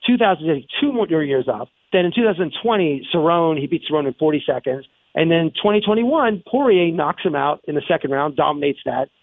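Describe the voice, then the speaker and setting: A man giving casual sports commentary on a radio show, rambling and excited, with many restarts. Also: fairly high pitch, a little fast, creaky, no room sound. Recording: tinny phone-line sound, dry.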